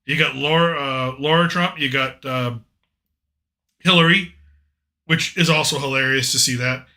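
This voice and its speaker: A man's voice: medium pitch, measured pace, sharp tone. A man hosting a podcast, chatting casually and jokingly about politics with rambling, opinionated asides. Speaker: podcast host.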